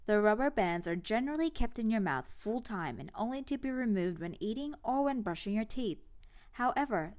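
An Australian woman reads a scripted explainer for a dental clinic at a middle pitch. Her delivery is friendly, upbeat and clear, recorded as a clean voice-over. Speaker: clinic video narrator.

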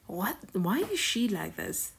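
An offended spirit woman of the graveyard, put on by a woman telling a story, hisses her indignant questions at an intruder. It is whispered role-play, low and breathy, with the middling pitch of an ordinary woman's voice. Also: sing-song, takes it slowly, exaggerated voice.

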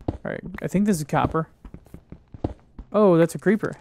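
A man's voice: a little high, moderate pace, noisy background. A man giving casual gameplay commentary, jittery and swearing as he talks to himself and the game. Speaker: gaming video creator.

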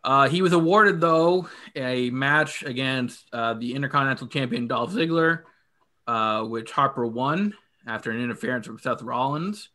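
A man's voice: mid-range voice, moderate pace, sharp tone. A man hosting a wrestling podcast, steadily recounting events in order with many fillers. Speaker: podcast host reading career history. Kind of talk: casual recap.

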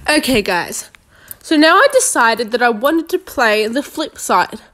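A woman's voice: on the high side, animated, a little slow, a bit bright. A young woman chatting her way through a video game, joking with her viewers as she plays. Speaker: gaming video creator. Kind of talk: casual gameplay commentary.

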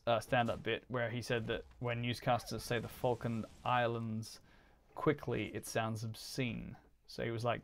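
A man talks his way through a game stream in a rambling, offhand chat and laughs often. His voice sits at a middle pitch with a gravelly, fry-touched texture. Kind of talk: casual chat while gaming.

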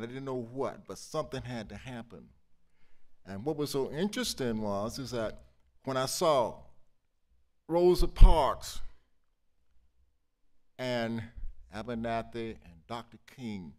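An older man recounting his memories earnestly on a stage panel, speaking with emphatic conviction. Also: on the low side. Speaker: panelist, former civil rights activist. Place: auditorium event on stage.

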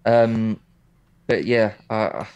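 Man, thirties, relaxed guest chat, keen and chatty, video call sound. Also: lowish voice, drawn-out words, smooth, dull audio. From England. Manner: relaxed and chatty, enthusiastic about cooking. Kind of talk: casual chat.

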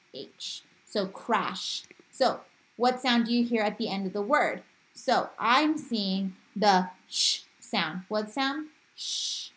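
Slow, patient woman phonics teacher. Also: medium pitch. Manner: sounds out letters and words one at a time. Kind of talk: online phonics lesson for young children.

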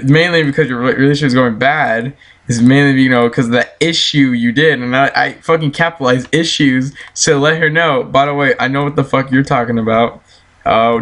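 A man's voice: medium pitch, a bit bright. A man telling a story as a casual, heated, profane rant, breaking into laughter now and then.

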